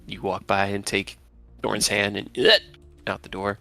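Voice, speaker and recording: A man's voice: on the low side, monotone, moderate pace, vocal fry, bright, forceful tone, faint music behind. A man narrating as game master in a tabletop game, loose and conversational with fillers.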